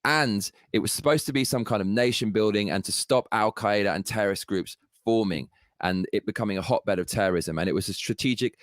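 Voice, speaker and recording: A man's voice: fairly low pitch, fairly quick, no echo, studio quality. A man delivering an angry, profane political rant, heated and sarcastic throughout. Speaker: political commentator.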